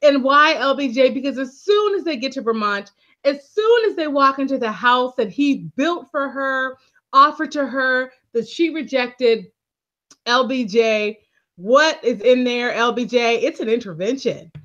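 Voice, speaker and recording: A woman co-hosting a show recap, telling the story with animated energy and frequent laughter. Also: high voice, a little slow, dull audio. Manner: animated storytelling, laughing often, keeps addressing co-host. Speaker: co-host. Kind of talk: casual recap chat.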